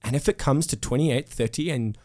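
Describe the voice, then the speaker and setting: A man's voice: medium pitch, brisk, a little mellow. A young man in his twenties with a South African accent, talking earnestly and reflectively in an interview, with many fillers and restarts. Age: 20s. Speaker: musician guest. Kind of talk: casual interview conversation.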